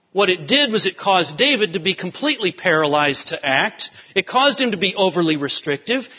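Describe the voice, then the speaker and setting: A pastor preaching a sermon with emphatic, rising urgency. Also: male voice, sits high. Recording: dull sound with long hall reverb.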